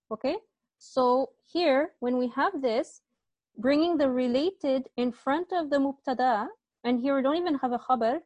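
A woman's voice: high-pitched, a little mellow, no echo. A woman teaching an online Arabic grammar class, explaining step by step and often checking with students, with a slight cough.

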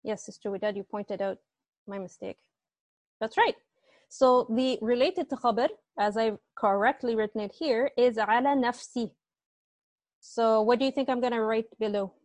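Teacher, female, higher-pitched voice, online class, patient step-by-step explainer, dry close sound. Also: normal speed, no echo. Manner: patient, explains step by step, asks students questions. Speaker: Arabic grammar teacher. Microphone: earbuds.

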